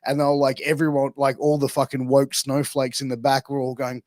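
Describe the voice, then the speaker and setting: A man with a mid-pitched voice tells stories in a casual podcast chat and swears freely as he goes. The sound is dry and close, with no room around it. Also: flat delivery, moderate pace, a little mellow, dry recording. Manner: profane, storytelling. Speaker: podcast host.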